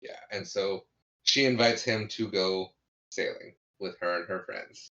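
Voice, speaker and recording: A man with a low voice that is bright and forceful, recapping a comedy film in a relaxed chat. He retells the scenes with lots of restarts. The recording is dull and lo-fi. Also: unhurried. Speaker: podcast co-host. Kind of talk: casual movie review chat.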